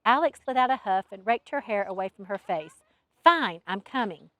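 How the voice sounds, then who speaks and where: A woman author reading her own novel aloud in an expressive storytelling manner. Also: medium pitch, a little fast, no room sound. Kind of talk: audiobook narration.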